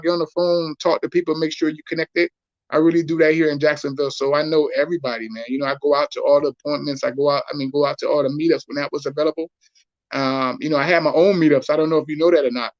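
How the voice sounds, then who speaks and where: A man calling in as a guest, talking loosely and conversationally with plenty of fillers. His voice sits a little high. The call audio is dry and dull. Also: dry recording. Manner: loose, conversational, lots of "you know". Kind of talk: casual video call interview. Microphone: video call.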